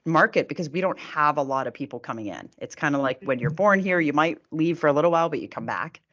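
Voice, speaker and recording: A podcast host chats easily and agreeably, often answering with a quick yes. The voice sits at a middling pitch, and the audio sounds slightly dull and lo-fi. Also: lively intonation, a bit bright. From Pittsburgh, United States. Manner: agreeable, chatty, frequent "yeah". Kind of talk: conversational interview.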